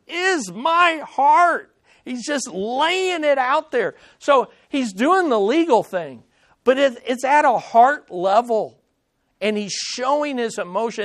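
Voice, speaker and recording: A man preaches a sermon, his voice pitched notably high for a man. He swells with emphasis and gives the scripture quotes a dramatic reading, the way a pastor does from the pulpit. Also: a bit bright.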